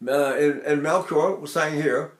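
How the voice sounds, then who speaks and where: A man's voice: on the high side, fairly even intonation, a little slow, roomy sound. An older man giving a singing lesson, explaining technique in a folksy, chatty way and checking in with "right?" and "see?". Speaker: voice teacher. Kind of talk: singing lesson with sung demonstrations.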